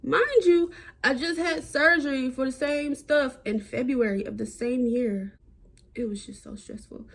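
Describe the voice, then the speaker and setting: A young woman telling a personal story to camera in a chatty, animated way. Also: normal speed. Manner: animated, chatty, acts out quotes with big jumps in pitch. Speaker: vlogger.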